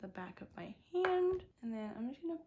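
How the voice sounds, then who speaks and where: Young female beauty vlogger, slightly high voice, chatty step-by-step tutorial delivery. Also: big pitch swings, brisk, mellow, a little hiss or hum. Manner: chatty, talking through each step. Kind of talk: casual makeup tutorial talk.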